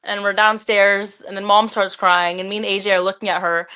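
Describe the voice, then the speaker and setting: A woman's voice: medium pitch, level tone, fairly quick, pushed and bright, clear, resonant tone. A seventeen-year-old girl talking with her dad in a casual chat, rambling and filling her sentences with "like". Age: teenager. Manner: rambling, filler-heavy with lots of "like". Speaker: daughter, podcast guest.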